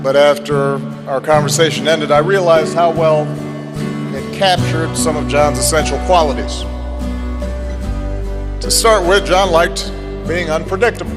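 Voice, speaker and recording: Man, formal eulogy, dignified and measured, long hall reverb. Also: fairly high pitch. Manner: measured, dignified, with touches of humor. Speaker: speaker giving a eulogy. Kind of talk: formal speech. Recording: echoey hall with loud music under it.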